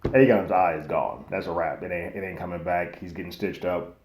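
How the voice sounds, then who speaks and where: A man hosting a casual, slangy TV recap and review, animated and loosely acting out what characters say. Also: sits low, a little fast. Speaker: TV recap host. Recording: echoey room.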